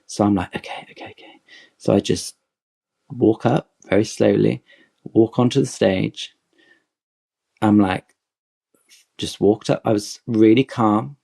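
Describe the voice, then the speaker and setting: Man with a low, gravelly voice telling a story. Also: takes it slowly, long pauses. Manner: animated, digressive anecdote with acted-out quotes. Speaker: guest telling his fan story. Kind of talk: casual podcast storytelling.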